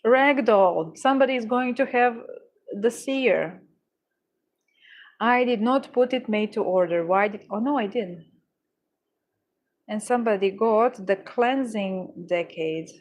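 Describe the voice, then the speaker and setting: A woman's voice: on the high side, measured pace, pauses often, highs cut off. A woman chatting casually while working on orders, easily startled, laughing often and correcting herself as she talks. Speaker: crafting livestreamer.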